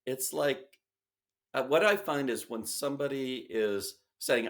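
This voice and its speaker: A man speaking as an interview guest, emphatic and animated, often switching into quoted voices to make his point. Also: medium pitch, unhurried. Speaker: sales expert guest. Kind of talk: conversational interview.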